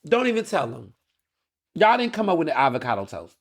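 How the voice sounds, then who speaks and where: A man's voice: fairly high pitch, brisk, no echo, studio quality. A man, hosting a podcast with opinionated, sardonic solo commentary, often restarting and repeating words. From Texas. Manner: animated, sardonic, mocking asides. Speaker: podcast host.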